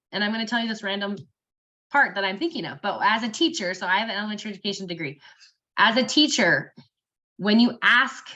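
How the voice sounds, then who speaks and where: Young woman, casual encouraging coach, bright tone, lo-fi recording. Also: medium pitch. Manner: upbeat and encouraging, acting out sample messages. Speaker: network marketing team member.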